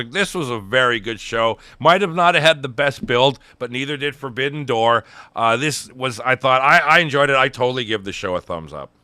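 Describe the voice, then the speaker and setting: Middle-aged male co-host, eager casual reviewer, bright crisp tone. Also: medium pitch, no echo. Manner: enthusiastic, retells promos in quoted voices. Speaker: podcast co-host. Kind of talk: casual wrestling review chat.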